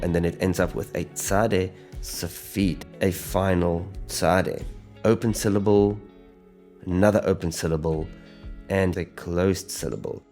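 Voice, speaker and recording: A man with a very low, deep voice walks through a pronunciation lesson at a careful, deliberate pace. He sounds out each letter and syllable one by one. Soft music plays faintly underneath. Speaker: Hebrew teacher.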